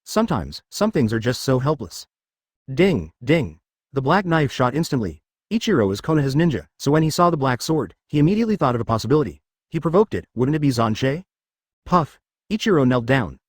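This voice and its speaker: A man narrates a web novel at a fast, rambling clip. His pitch moves about a lot, and the close, dry sound has almost no room in it. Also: big pitch swings, darkish tone, no room sound. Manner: rapid, rambling reading.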